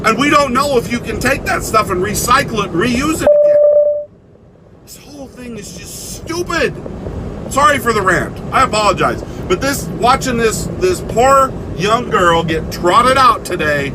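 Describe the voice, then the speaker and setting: A man's voice: high-pitched, animated, normal speed, noisy background. A man delivering a blunt, angry opinion rant with swearing and sarcasm, recorded inside a vehicle. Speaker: vlogger.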